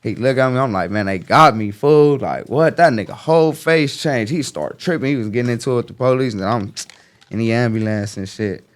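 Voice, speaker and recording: A young man telling a story in casual street slang, acting out voices with sudden high jumps. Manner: animated, acts out quotes with sharp pitch jumps; heavy slang, fast casual street talk. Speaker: guest.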